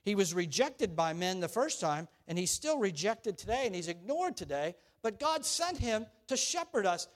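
A man preaching a sermon, animated and storytelling, rising and falling in volume. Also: high voice, normal speed, few pauses. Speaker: pastor.

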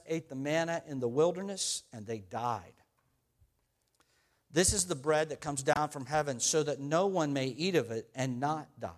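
A man preaching a sermon, reading scripture aloud and stressing key phrases again and again. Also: fairly high pitch. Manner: emphatic, repeating key phrases.

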